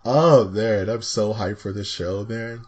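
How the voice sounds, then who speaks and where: A man's voice: on the low side, a little slow, a little mellow, highs cut off. A man hosting a casual podcast, joking around and dropping movie references. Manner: playful, jokey, full of movie references. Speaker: podcast host.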